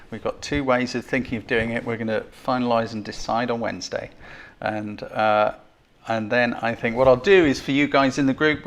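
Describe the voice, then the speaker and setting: English man, live-stream host, casual and apologetic, mid-pitched voice, lively delivery. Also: vocal fry. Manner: chatty, self-deprecating, apologetic, thankful. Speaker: photography tutor hosting a live stream. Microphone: desk mic with levels being adjusted.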